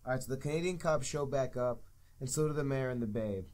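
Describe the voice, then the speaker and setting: A man's voice: medium pitch, fast, darkish tone. A young man co-hosting a podcast, ranting in casual, profane chat about a movie he hated. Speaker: podcast co-host.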